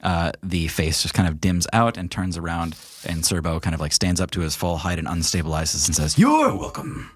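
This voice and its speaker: A man narrating as game master of a tabletop game, describing scenes in a relaxed way. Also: deep voice, fairly quick, few pauses, dry recording.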